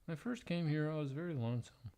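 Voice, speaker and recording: A man livestreaming, reading old letters aloud in a plain, halting way, breaking off for blunt, profane joking asides. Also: a little high, mellow. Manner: plain, halting read-aloud delivery, stumbling and restarting over odd wording.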